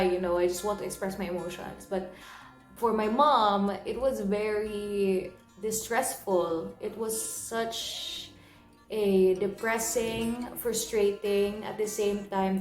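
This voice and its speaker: A young woman telling a personal story in an earnest, emotional way, often repeating and restarting her phrases. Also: mid-range voice. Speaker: vlogger. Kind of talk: personal confessional vlog. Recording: roomy echo, soft guitar music underneath.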